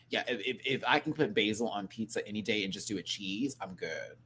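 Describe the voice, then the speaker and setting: Campy, animated man chatting live. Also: on the low side, a little fast, slight background noise. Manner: animated and campy, mimics people, reads chat aloud. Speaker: live-stream show host. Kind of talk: casual live-stream reaction chat.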